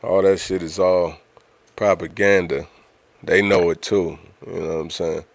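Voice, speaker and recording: Deep voiced guy, chatting loose on his livestream, dry sound, lots of you know what im sayin. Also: fairly even intonation, measured pace, vocal fry, no room sound. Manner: conversational, repeats himself, frequent "you know what I'm saying". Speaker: livestream host. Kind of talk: casual livestream talk.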